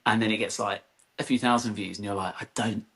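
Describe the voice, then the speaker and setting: A man's voice: lowish voice, fairly even intonation, fast, creaky, fairly bright tone. A man in his thirties, a podcast guest and content creator, telling stories in a loose, rambling way with lots of "like" and restarts. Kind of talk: casual conversational storytelling.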